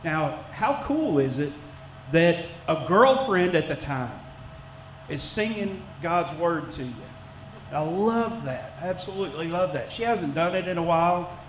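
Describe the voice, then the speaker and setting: A man's voice: a little high, animated, measured pace. A middle-aged man, preaching a sermon as a church elder in a conversational, folksy way with frequent restarts. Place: church sanctuary. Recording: echoey church room, faint background noise.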